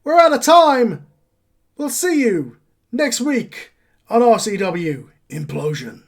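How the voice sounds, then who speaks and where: A man's voice: extremely high pitch, very animated, takes it slowly, vocal fry, pitched above the performer's own voice, exaggerated voice. A man voicing a frantic male wrestling commentator who hypes the show as it signs off. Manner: shouting, breathless hype.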